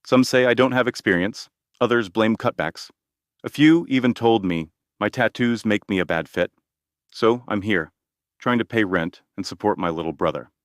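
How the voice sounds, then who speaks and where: A man's voice: fairly low pitch, moderate pace, no room sound, clean studio sound, lightly acted. A man reading a defiant young woman. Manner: sharp, steady, pushes back. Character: determined frustrated young woman job seeker.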